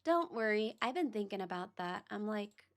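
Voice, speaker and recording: A woman's voice: mid-range voice, sing-song, moderate pace, soft background music. A woman streamer chatting casually on a livestream, talking to herself as she searches for files. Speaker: VTuber streamer.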